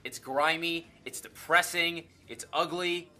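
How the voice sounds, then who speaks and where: A male film reviewer talks through a movie with real enthusiasm, throwing in swear words and joking asides. His voice is bright and forward, and his pitch swings widely as he gets excited. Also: soft background music. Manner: enthusiastic, swears freely, quick jokey asides. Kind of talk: casual video review.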